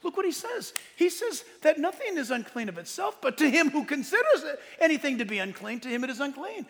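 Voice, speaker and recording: A man preaching a sermon as pastor, animated and joking, often laughing and shouting in a church. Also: very high voice, brisk, long reverb tail.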